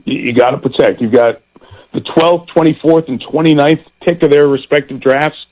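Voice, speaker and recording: Speaking at a moderate pace in a slightly high voice, a middle-aged football broadcaster chats as a guest on a radio interview. He's animated and tends to repeat words at the start of a thought, and the sound is lo-fi.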